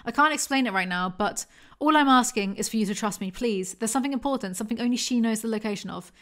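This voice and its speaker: A woman's voice: a little high, fast talker, fairly bright tone. A young woman reading a novel aloud and breaking off into sarcastic, exasperated commentary. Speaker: book reviewer.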